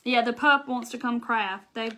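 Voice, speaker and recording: A middle-aged woman with a thick Southern accent chats on a craft livestream, reading out and thanking viewers' comments as she works. Her voice is fairly high, pushed, and bright, at a normal speed.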